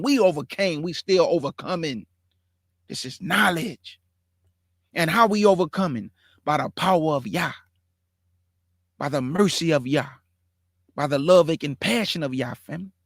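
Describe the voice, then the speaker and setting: Close-miked and dry, with a slightly bright tone and no room echo, this show host speaks in a notably high voice. He delivers fiery preaching-style commentary, pounding home his points with emphatic repetition.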